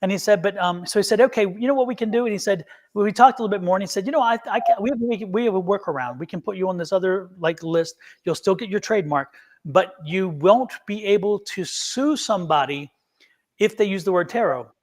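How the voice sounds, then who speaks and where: Guy w a high voice rambling thru a story on a live stream, restarts a lot and does all the voices himself. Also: fast talker. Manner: animated storyteller who acts out both sides of conversations. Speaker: tarot reader and show guest. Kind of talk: casual live-stream chat.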